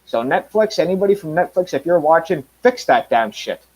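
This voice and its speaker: A man's voice: on the high side, lively intonation, fairly quick, a little mellow, husky, poor audio. A Canadian man with a mild Canadian accent talking casually to his viewers, rambling with lots of ums, restarts and blunt remarks. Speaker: reviewer.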